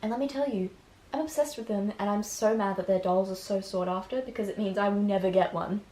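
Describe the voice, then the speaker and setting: Young woman vlogger, gushing and casual, mid-pitched voice in a roomy echo. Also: a little fast, mellow. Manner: enthusiastic, chatty, swears, laughs often. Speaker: video host. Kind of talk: casual review vlog. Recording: echoey room.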